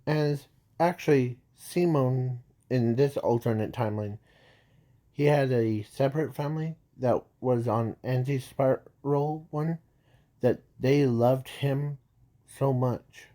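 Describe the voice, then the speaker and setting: A man with a mellow, medium-pitched voice improvises a fan-fiction story aloud as an amateur storyteller. He's halting, stopping and restarting often, trailing off, and saying "sorry" as he corrects himself.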